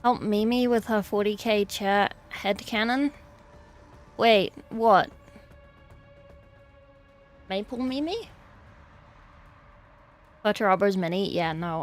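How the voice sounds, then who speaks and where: Slow-talking woman streamer chatting with chat. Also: medium pitch, faint music behind. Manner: rambling, reads chat aloud and answers it. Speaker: livestream host. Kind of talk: casual livestream chat.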